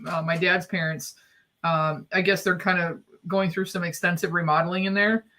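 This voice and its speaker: A woman's voice: on the low side, flat delivery, moderate pace, pushed and bright, slight background noise. A woman hosting a casual chat show, talking in a chatty, rambling way. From Indiana, US. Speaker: show host.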